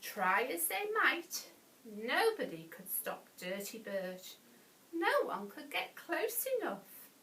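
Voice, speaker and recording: Animated woman reading a bedtime story. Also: fairly high pitch, slow, recorded from a distance. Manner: animated, with gasps and asides. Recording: echoey room, voice off-mic.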